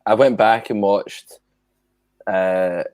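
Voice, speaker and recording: Rambling swearing low-voiced man. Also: steady tone, slow pace, a little mellow, a little hiss or hum. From Scotland. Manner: swears freely, rambling, many fillers. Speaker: musician guest. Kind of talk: casual chat.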